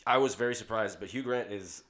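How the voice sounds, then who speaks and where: A man with a very deep voice co-hosts a casual podcast about a movie. He talks in a laid-back way, swears offhandedly and backs up his co-host with quick agreements. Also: a bit bright. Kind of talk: casual movie-discussion chat.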